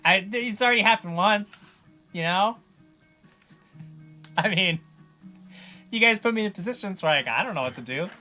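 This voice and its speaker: A man running a tabletop game as game master, easygoing and quick to laugh. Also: sits high, animated, pushed and bright, soft background music.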